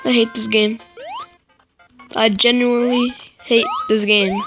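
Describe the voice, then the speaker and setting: A gaming YouTuber giving raging gameplay commentary, swearing and yelling in frustration and muttering to himself between outbursts. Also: medium pitch, level tone, measured pace, over music.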